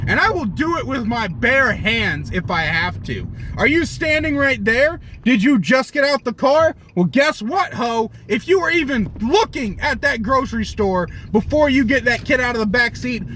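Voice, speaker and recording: Young male vlogger, high and animated, ranting and cursing in a car with a light background hum. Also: normal speed, hardly any pauses, rough recording. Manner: furious, swearing, bursts into shouting. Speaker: vlogger and rideshare driver. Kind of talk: angry profane rant.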